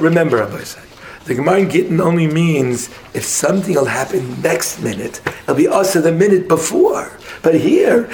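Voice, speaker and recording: Man arguing a Talmud passage, mid-high voice. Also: a little hiss or hum. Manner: argumentative, quick, mixing English with Hebrew and Aramaic terms. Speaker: Talmud study partner. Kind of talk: casual Talmud study session.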